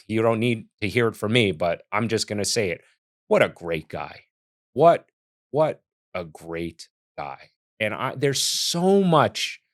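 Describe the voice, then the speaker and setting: A man hosting a reaction video, talking in an earnest, reflective and casual way with frequent restarts. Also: fairly low pitch. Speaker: chef and reaction video host.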